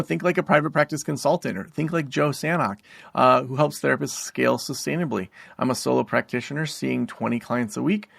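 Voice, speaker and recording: A man's voice: medium pitch, gravelly, fairly bright tone, no echo, clean studio sound. A man hosting a solo podcast, explaining tips in a casual, rambling way with lots of fillers and asides. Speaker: podcast host and private practice consultant.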